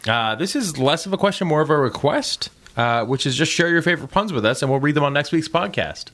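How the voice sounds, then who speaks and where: A man's voice: a little high, expressive, fast talker, a bit bright. A young adult man co-hosting a casual podcast, reading listener questions and joking around with frequent laughs. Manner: jokey, laughs often, reads listener questions. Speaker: podcast co-host.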